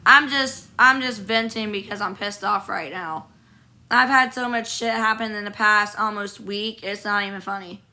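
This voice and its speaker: A young woman, hoarse from being sick, talks straight into her phone during a livestream from a hotel room. Her voice is bright and forceful, and her talk is blunt and profane, rambling from one grievance to the next while she answers the comment feed. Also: medium pitch, fairly even intonation, normal speed. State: hoarse from illness. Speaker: livestreamer reading viewer comments. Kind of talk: casual livestream venting.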